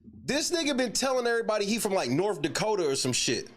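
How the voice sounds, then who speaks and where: A man with a high voice that swings widely in pitch, hosting a casual reaction show. He curses freely and keeps breaking into laughter as he talks. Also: very animated, quick pace. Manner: loud laughing, profane, swaying between high and low pitch. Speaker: show host.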